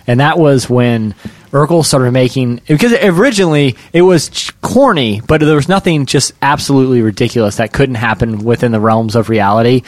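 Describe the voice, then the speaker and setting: A man's voice: mid-range voice, fairly quick, no echo. Joking man ranting on a podcast. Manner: jokey, ranting, nostalgic storyteller. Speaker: podcast co-host. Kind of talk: casual podcast chat.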